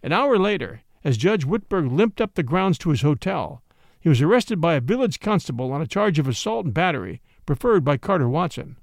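Man narrating an audiobook, animated and expressive, higher voice. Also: a little fast, creaky, dry recording, clean studio sound. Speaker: story narrator. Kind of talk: audiobook reading.

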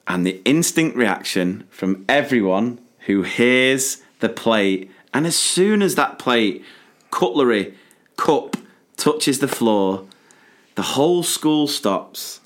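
A British man co-hosting a casual podcast about school life, chatting in a relaxed way with hesitant restarts. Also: on the low side. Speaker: podcast co-host, teacher. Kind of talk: casual chat.

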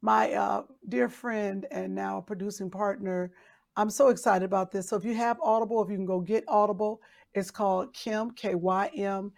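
A woman actress chatting as a podcast guest, talking with quick restarts and laughs. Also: medium pitch, steady tone, gravelly, a little mellow. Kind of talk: casual chat.

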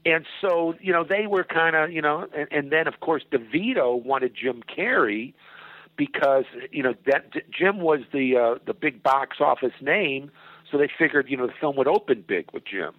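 An older man, a comedy writer and producer, telling an animated, profane story as a guest on a phone interview from his home. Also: fairly high pitch, moderate pace, no room sound. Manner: animated, profane storyteller who acts out other people's lines. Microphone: telephone. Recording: tinny phone line, husky and dry.

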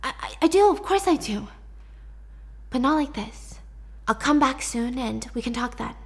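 A woman's voice: high voice, lively intonation, moderate pace, husky, exaggerated voice. A woman voicing a nervous young male employee who stammers and gets defensive.

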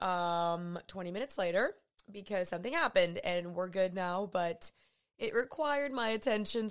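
A woman hosts a casual podcast in a chatty, earnest way, sprinkling in "y'all" and "like." Her mid-range voice is a bit bright, with a clean tone.

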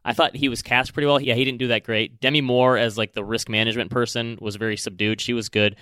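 A man's voice: mid-range voice, quick pace, smooth, no room sound, clean studio sound. A man co-hosting a podcast, chatting casually and animatedly about a movie and acting out lines from it. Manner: animated, chatty, acts out quotes. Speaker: podcast co-host.

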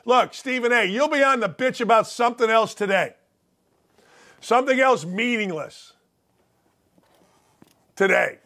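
A man's voice: extremely high pitch, a little slow, pauses often, bright, forceful tone. A man hosting a sports talk show, ranting in a blunt, profane, combative way. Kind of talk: opinionated sports talk rant.

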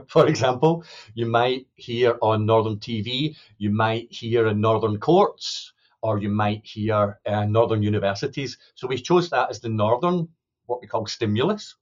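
A middle-aged man with a lowish voice talks through his research as an interview guest, pausing, restarting and adding "you know" as he thinks. The sound is a little dull and lo-fi. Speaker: sociolinguistics academic guest. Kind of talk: podcast interview, explaining research.

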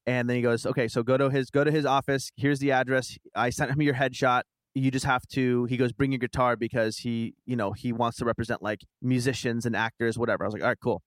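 A man co-hosting a casual chat, telling a story in a relaxed, easygoing way. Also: medium pitch, quick pace, few pauses, dry recording.

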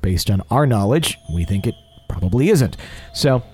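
A man's voice: lowish voice, animated, normal speed, darkish tone, slightly rough, faint music behind. A middle-aged man hosting a paranormal podcast, chatting casually and reading listener letters with self-deprecating humor. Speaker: podcast host.

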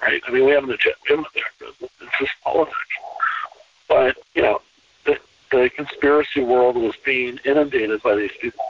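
A man's voice: mid-range voice, steady tone, a little fast, slightly rough, no room sound, distant mic. An American man talking in a rambling, emphatic way, repeating himself, heard over a tinny phone line. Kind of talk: casual conversation.

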